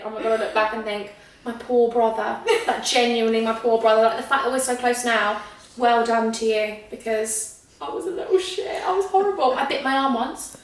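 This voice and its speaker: Chatty fast-talking woman host. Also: on the high side, steady tone. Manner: chatty, quick, giggly storytelling. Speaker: podcast host. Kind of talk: casual chat. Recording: echoey room, mic at a distance.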